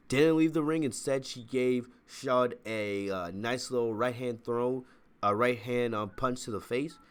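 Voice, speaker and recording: A man's voice: medium pitch, fairly bright tone. Man rambling through a wrestling review. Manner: rambling, repeats "all right?". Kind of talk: casual review commentary.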